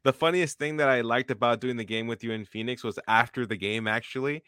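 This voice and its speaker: Bright-voiced young man hosting a chat. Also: mid-range voice, fairly quick, smooth, dry recording. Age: 20s. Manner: relaxed, many likes and you knows. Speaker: podcast host, stadium announcer. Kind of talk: casual interview chat.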